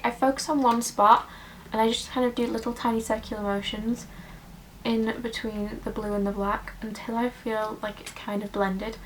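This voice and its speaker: Chatty woman, higher voice. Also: a little hiss or hum, low-quality recording. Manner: chatty and rambling, full of "like" and "you know". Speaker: makeup vlogger. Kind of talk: casual makeup tutorial. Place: at home.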